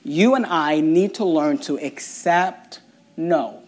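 A male pastor preaching a sermon, reading scripture and swinging between quiet, slow passages and loud, impassioned ones. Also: a little high.

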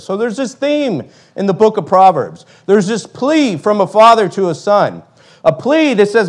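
A man's voice: high voice, big pitch swings, moderate pace. A man preaching a sermon, emphatic, reading old-style scripture and often asking "right?".

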